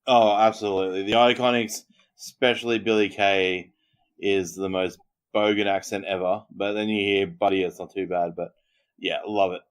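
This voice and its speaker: A man's voice: deep voice, little pitch movement, normal speed. A man with an Australian accent co-hosting a podcast, chatting casually and agreeably, with plenty of "yeah" and "um". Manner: agreeable, lots of yeahs and ums. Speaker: podcast co-host. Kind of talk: casual wrestling recap chat.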